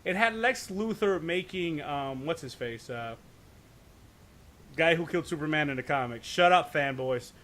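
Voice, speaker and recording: A man in a casual podcast chat, his voice sitting a little on the high side. He rambles and swears freely, often tossing in "right?" and tripping over his own restarts. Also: expressive, moderate pace, fairly bright tone. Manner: profane, rambling rant with frequent "right?" and stammered restarts. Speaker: podcast co-host.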